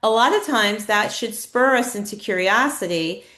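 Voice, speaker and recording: A woman's voice: medium pitch, expressive, moderate pace, pushed and bright. A woman leading a live online training in a conversational way, asking her audience questions and reading their chat replies aloud. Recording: echoey room.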